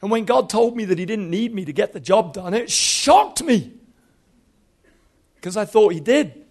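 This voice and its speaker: High-voiced man in his fifties, a preacher delivering a sermon through animated, funny stories. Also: a little slow. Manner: animated, humorous storytelling. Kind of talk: storytelling sermon.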